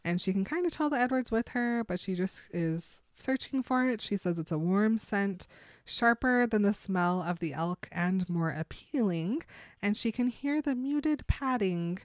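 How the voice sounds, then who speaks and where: Woman giving an animated book recap. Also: mid-range voice, unhurried, no room sound, studio quality. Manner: animated storytelling, laughs often.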